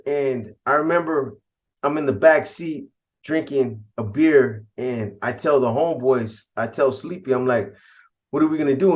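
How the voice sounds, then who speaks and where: A man casually telling a first-person story in laid-back street slang, with frequent restarts and asides. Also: mid-range voice. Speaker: podcast storyteller.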